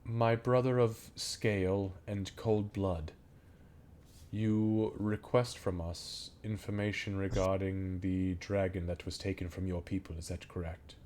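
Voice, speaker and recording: A courteous, weary goblin priestess, as a man puts her on, formal and soft-spoken, her speech at times sinking into a whisper. The voice sits fairly low and is delivered in measured tones. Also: level tone.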